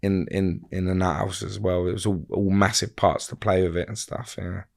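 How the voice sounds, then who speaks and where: Halting, low-voiced man. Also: steady tone, vocal fry, a little mellow. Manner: rambling, halting, many fillers and restarts. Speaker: interview guest. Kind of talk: casual storytelling interview.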